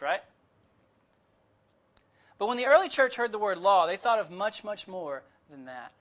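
A man with a high, bright voice delivers a sermon as a visiting preacher. He keeps it conversational, with light asides to the congregation, and sticks closely to his notes. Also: sing-song, normal speed. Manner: conversational, with humorous asides and disclaimers. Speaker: guest preacher.

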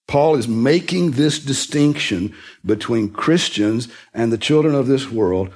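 A man preaching a sermon, teaching earnestly and rising sharply in pitch to stress key words. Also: lively intonation, slow, darkish tone, husky. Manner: earnest, emphatic teaching with sudden rises in pitch for emphasis. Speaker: pastor.

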